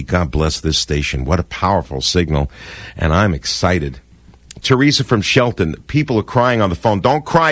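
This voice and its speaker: Speaking into a studio mic, an older radio host talks warmly and casually, gushing, sentimental, and prone to rambling. He has a deep voice, and there's no echo.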